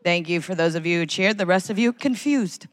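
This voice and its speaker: A woman's voice: on the low side, a little fast, a little hiss or hum. A woman doing sardonic live stand-up comedy on a concert hall stage, mimicking voices. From United States.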